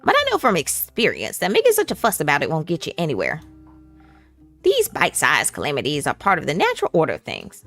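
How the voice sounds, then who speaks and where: A woman's voice: low voice, huge pitch swings, fast, fairly bright tone, faint music behind, pitched below the performer's own voice, full character voice. A woman voicing a chatty, laid-back retired old Southern woman with a put-on Southern drawl and a doting, folksy manner. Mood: folksy advice.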